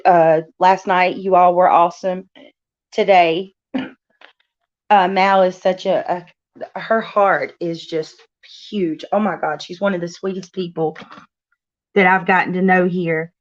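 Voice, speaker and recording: Excitable woman co-host on muffled audio. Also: lowish voice, measured pace. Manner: excitable, rambling, many restarts. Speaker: guest co-host. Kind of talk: casual livestream chat.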